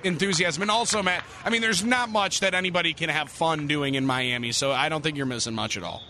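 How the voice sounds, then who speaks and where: Bright-voiced upbeat sports radio host. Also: male voice, fairly high pitch, a little fast, a little hiss or hum. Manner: smooth, upbeat broadcaster delivery. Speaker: postgame radio show host. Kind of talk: sports radio postgame chat.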